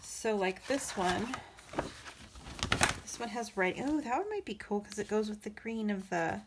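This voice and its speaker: A woman's voice: mid-range voice, animated, normal speed, heavy background noise. A woman chatting casually while crafting, rambling with many fillers and restarts, getting emotional and breaking into laughs. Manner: emotional, laughing between words. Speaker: crafting vlogger.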